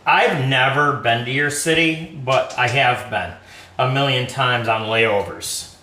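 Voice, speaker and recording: Casual podcast co-host, male, jokey storyteller, bright tone, recorded from a distance in an echoey kitchen. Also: mid-range voice, a little slow, slight background noise. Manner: chatty, jokey storyteller with animated quoted voices. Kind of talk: casual chat while cooking. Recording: echoey room, distant mic, faint ambience.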